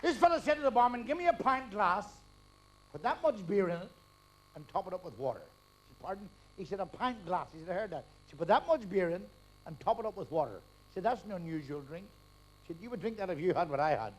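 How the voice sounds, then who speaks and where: An older man telling stand-up jokes on stage, firing punchlines fast and dropping quietly into the characters' lines. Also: high voice, sing-song. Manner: rapid punchline delivery, drops to quiet asides for quotes. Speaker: stand-up comedian. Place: live stage before a laughing audience. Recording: live crowd, faint hiss.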